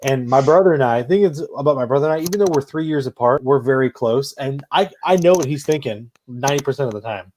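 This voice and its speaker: A man's voice: mid-range voice, quick pace, few pauses, slight background noise. A man hosting a casual podcast chat, telling funny stories with lots of laughter and swearing. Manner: animated storyteller, swears and laughs often. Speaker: podcast host.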